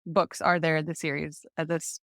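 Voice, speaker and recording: A woman's voice: sits low, flat delivery, moderate pace, fairly bright tone, dry recording, studio quality. A woman hosting a podcast interview, speaking appreciatively and searching for her words. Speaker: podcast host. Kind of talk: casual interview talk.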